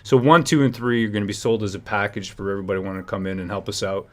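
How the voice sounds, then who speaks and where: A man hosting a live stream, ranting and rambling with frequent restarts and shifts between heated and low-key talk. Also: fairly even intonation, racing, fairly bright tone. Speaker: livestream host. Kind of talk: ranting livestream commentary.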